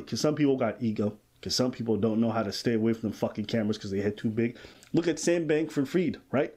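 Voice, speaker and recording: Talking quickly in a mid-range voice that's mellow with a breathy edge, a man hosts a podcast about a legal case. His commentary is casual but emphatic, and he performs quoted lines in theatrical voices.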